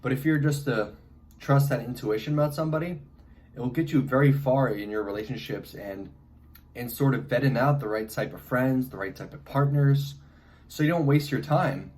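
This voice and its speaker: A man's voice: medium pitch, moderate pace, a little mellow. A young man with a congested head cold, talking casually to camera and rambling with lots of fillers and restarts. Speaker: vlogger. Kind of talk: casual advice monologue.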